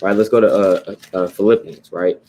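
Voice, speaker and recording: A man's voice: deep voice, a little fast, a little mellow, a little hiss or hum. A man teaching the Bible in a conversational sermon style, informal and repetitive, often checking in with "right?" and "you know". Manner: informal, repeats points, tags lines with "right?" and "you know".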